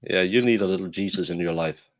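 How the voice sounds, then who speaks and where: Low-voiced Danish man hosting a stream. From Denmark. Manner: halting, many fillers and restarts. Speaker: livestream host. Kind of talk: casual chat. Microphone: video call.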